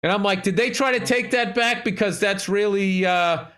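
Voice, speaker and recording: A middle-aged man from Massachusetts, co-hosting a podcast and telling sports stories in a loose, profane, animated way. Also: high voice, normal speed, clear, resonant tone. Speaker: podcast co-host. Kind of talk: casual chat.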